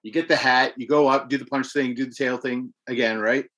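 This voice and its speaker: A man's voice: medium pitch, steady tone, a little fast, fairly bright tone. A man co-hosting a podcast, casually recounting game battles step by step and swearing freely. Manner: rambling play-by-play, profane. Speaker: podcast co-host. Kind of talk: casual gaming chat.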